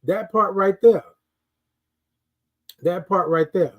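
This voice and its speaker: A middle-aged man speaks in a slightly higher voice, preaching about self-worth on his morning live stream. He repeats his phrases like a sermon and stops to greet viewers in the chat. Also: takes it slowly. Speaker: host of a morning live show. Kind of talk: motivational live-stream talk.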